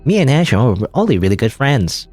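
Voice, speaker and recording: A man hosting a let's play, commenting on a game in an animated, amused way. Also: mid-range voice, a little fast, husky, faint music behind. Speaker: gaming video host.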